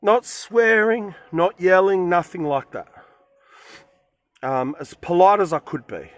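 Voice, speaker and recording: A man's voice: high-pitched, slow, a bit bright, no echo. A man tells a story straight to camera from inside his van. He rambles and repeats himself, leaning hard on certain words as he retells what was said. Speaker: vlogger. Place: van in a forest.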